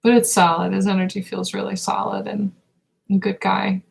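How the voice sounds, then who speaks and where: A woman giving a live spiritual reading, speaking slowly and meditatively, halting often with pauses and fillers. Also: medium pitch, level tone, vocal fry, a little mellow, husky, rough recording. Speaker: intuitive reader.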